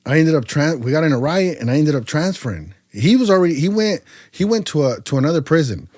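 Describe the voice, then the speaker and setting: A man from California's Central Valley, a podcast guest telling his story casually, loose and animated, with lots of fillers. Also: on the high side, quick pace, dry recording, clean studio sound.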